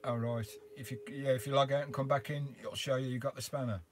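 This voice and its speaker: An older man hosts a relaxed live stream from inside his camper van, greeting viewers one by one as mate or sugar. His talk rambles along with plenty of "uh" fillers at a mid pitch. Faint music plays underneath. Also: fast talker. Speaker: vanlife live-stream host. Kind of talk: casual live-stream chat reading viewer comments.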